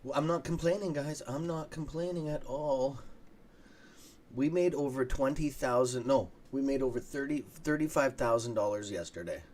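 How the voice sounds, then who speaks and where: A man's voice: medium pitch, normal speed, darkish tone. A tired, yawning man hosting a casual live stock market stream, rambling and swearing now and then. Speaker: stock trading livestream host.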